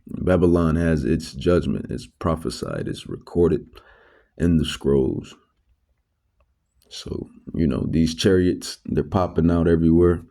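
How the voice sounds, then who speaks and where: Very deep slow-talking male preacher. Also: vocal fry, mellow. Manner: repetitive, emphatic, many restarts and fillers. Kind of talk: religious teaching monologue.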